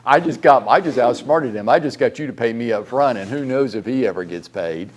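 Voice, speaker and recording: Speaking at a medium pitch and a brisk clip, a middle-aged man who works as a real estate broker gives an animated, no-nonsense training session. His talk is packed with rhetorical questions and light cursing, and the audio is lo-fi.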